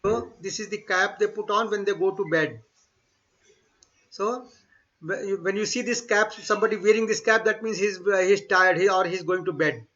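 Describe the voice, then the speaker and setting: A German teacher with a high, bright male voice leads an online lesson, saying each phrase slowly and repeating it before explaining in English sprinkled with Hindi. His tone stays steady, and the dull, lo-fi sound feels like a remote class.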